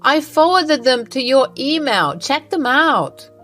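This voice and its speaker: A woman's voice: sits high, sing-song, takes it slowly, fairly bright tone, soft background music, voice pushed up, full character voice. Woman doing a smug scheming mother-in-law. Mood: gloating. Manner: smug, gloating.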